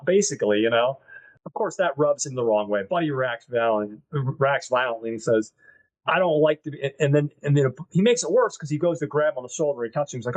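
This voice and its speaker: A man co-hosting a movie podcast, retelling scenes in a lively, crude, casual way. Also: medium pitch, fairly quick, poor audio. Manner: animated retelling with crude jokes. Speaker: podcast host.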